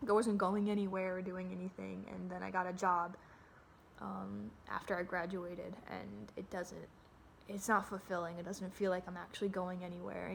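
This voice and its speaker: A woman's voice: medium pitch, fairly even intonation, moderate pace, creaky, a bit bright. A young adult woman talking candidly to her phone camera at home, rambling, swearing freely and often restarting her sentences. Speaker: vlogger. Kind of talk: casual rambling monologue to camera.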